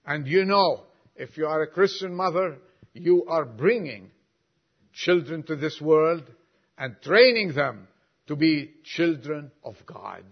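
A man's voice: a little high, animated, slow, slightly rough. An older man preaching a sermon and reading a long story aloud, with folksy asides to the congregation. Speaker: pastor. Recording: dull lo-fi recording.

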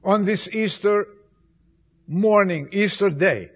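A man preaching an Easter sermon, with emphatic repetitions, swinging between loud appeals and soft, hushed passages. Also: high voice. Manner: slow, emphatic delivery with repetitions.

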